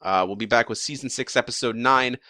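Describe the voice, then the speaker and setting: A man's voice: mid-range voice, brisk, sharp tone, no room sound, clean studio sound. A young man talking casually about episode predictions, rambling with lots of fillers, restarts and the odd swear word. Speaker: YouTube show commentator.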